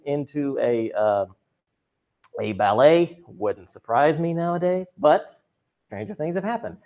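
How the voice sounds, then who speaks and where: A man's voice: a little high, expressive, a little slow, darkish tone. Upbeat chatty male teacher on a video call. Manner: upbeat, chatty, joking asides with students. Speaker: drama and chorus teacher. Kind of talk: virtual class lesson. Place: classroom. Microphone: computer mic on a video call.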